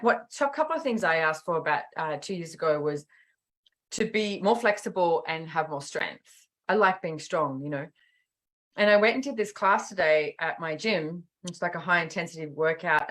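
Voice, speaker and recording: A middle-aged woman, chatting casually as a podcast host and acting out quotes as she tells stories. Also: fairly low pitch. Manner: animated storytelling with acted-out quotes. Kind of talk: casual chat.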